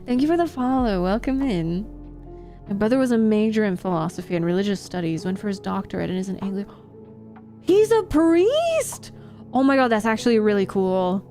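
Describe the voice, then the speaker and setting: A woman's voice: mid-range voice, fast talker, warm tone, faint music behind. A young woman live streamer chatting casually with her audience, laughing often and reacting to chat.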